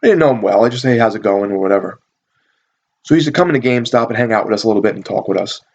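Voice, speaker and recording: A man's voice: medium pitch, animated, very fast, creaky, darkish tone. A man hosting a casual storytelling vlog, rambling and swearing in an offhand way. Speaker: channel host. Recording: dull lo-fi recording.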